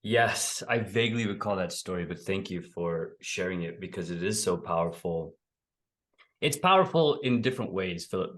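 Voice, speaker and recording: A man hosting a podcast, speaking in a thoughtful, affirming, soft-spoken way about personal growth. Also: low-pitched. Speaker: podcast host. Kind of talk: reflective interview chat.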